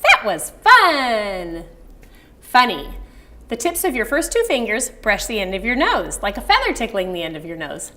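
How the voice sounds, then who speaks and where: A woman's voice: medium pitch, big pitch swings, fairly quick, few pauses, a bit bright. A middle-aged woman teaching baby sign language in a friendly online video lesson, acting out parent phrases with a sweet sing-song emphasis.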